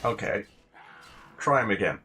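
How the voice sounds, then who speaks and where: Deep-voiced man commenting on gameplay. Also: lively intonation, a little slow, pushed and bright. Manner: sarcastic, rambling asides to the viewer.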